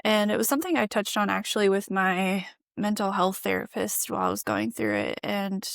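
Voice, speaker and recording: A woman's voice: medium pitch, lively intonation, brisk, creaky, dry recording, studio quality. A woman guest on a podcast, telling her story in an earnest, reflective way and laughing often. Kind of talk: candid conversational storytelling.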